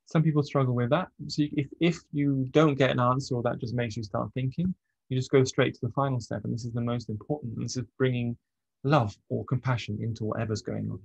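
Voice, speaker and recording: Male coach, gravelly husky voice, loose conversational delivery, dry muffled recording. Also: mid-range voice, a little fast, no room sound. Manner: relaxed, conversational, many ums and restarts. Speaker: trauma coach. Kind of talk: casual teaching monologue.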